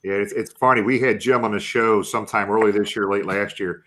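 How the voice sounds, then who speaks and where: A man's voice: lowish voice, fairly even intonation, a little fast, fairly bright tone, slight background noise, poor audio. A man hosting a football talk show, asking loose, conversational questions. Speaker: show host. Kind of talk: casual sports interview.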